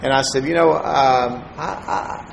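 A man delivers a sermon as a string of personal stories. His pitch sits in an ordinary middle range and he often drops to a hushed, soft-spoken aside. A faint room ambience hums quietly underneath. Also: slow, vocal fry, slight background noise, low-quality recording. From Texas, USA. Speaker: preacher.

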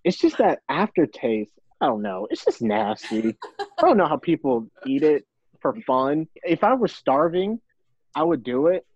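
A man's voice: sits high, sing-song, unhurried, creaky, darkish tone, breathy edge, dry recording, lo-fi sound. A young man, a baseball player, chatting casually as a podcast guest and laughing through an easygoing story. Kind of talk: casual interview.

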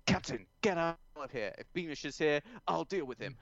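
A man's voice: on the high side, lively intonation, moderate pace, a bit bright, no room sound, lo-fi sound, pitched above the performer's own voice. A man voicing a loyal, muscular male police sergeant, raised and earnest in a comic fan-fiction reading. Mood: urgent.

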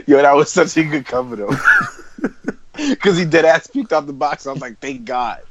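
A man's voice: on the high side, normal speed, background noise. Laid-back young man telling stories. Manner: storytelling, laughing. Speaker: podcast host. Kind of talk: casual banter. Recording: dull recording with chatter behind.

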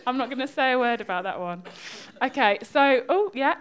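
A woman's voice: sits high, fairly quick, smooth. A young woman, giving a chatty, joking sermon and talking back and forth with her congregation. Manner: chatty, lively, joking with the audience. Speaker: preacher.

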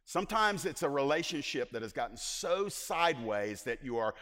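A man preaching a sermon as pastor, swinging between loud emphatic lines and hushed asides. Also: medium pitch, very animated, moderate pace, in a large hall.

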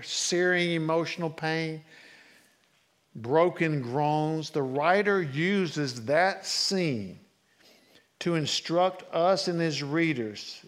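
A man preaching a sermon in a conversational way, asking the congregation questions and swinging between loud and hushed delivery. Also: a little high, slow. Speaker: pastor.

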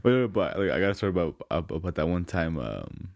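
A young man with a fairly low voice, telling a story in laid-back casual chat. He hesitates with many fillers. The sound is dry and close, with little room echo. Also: very animated, brisk, creaky, a little mellow. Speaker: friend and co-worker in chat.

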